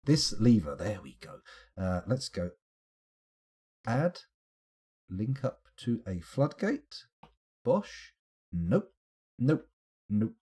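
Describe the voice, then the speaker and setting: Man, low husky voice, lively up-and-down pitch, muttering gameplay commentary, live stream. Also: slow, long pauses. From United Kingdom. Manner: mutters to himself while clicking through menus, answers chat. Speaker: game streamer.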